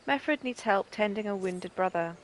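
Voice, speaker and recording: A woman's voice: mid-range voice, normal speed, a little hiss or hum. Chatty Northern English woman gamer. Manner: chatty, self-amused. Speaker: gaming streamer. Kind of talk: casual game commentary.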